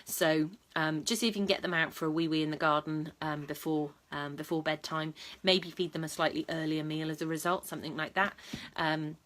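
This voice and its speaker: A woman's voice: deep voice, steady tone, fairly quick, hardly any pauses, a bit bright. A woman talking casually to camera as a dog trainer, chatty and matter-of-fact, with lots of ums and restarts. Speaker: dog trainer and vlog host. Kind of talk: casual advice talk to camera.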